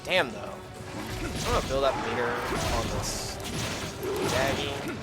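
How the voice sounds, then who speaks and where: A game streamer giving live gameplay commentary, animated and swearing casually, laughing often. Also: mid-range voice, a little slow. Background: game music.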